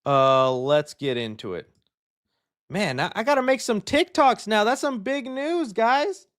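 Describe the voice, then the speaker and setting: A young man hosts a casual live show, talking in a somewhat high voice. He reacts loudly and excitedly to what he reads. His talk is loose and friendly, full of "dude.". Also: measured pace. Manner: excitable, loud reactions, says "dude" a lot. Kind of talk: casual livestream chat.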